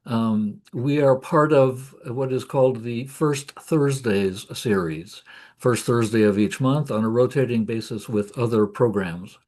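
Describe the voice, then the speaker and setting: A man at a middle pitch welcomes people to an online series at a slow, unhurried pace. He hesitates, with pauses and fillers, and his voice comes through a video call. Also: darkish tone. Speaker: host. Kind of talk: welcoming introduction.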